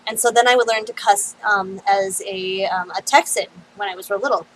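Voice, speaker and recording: An American woman streaming a game, chatting casually and telling stories with lots of little "um" pauses. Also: medium pitch, fairly bright tone, a little hiss or hum, low-quality recording. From United States. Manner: chatty storyteller, many "um" pauses.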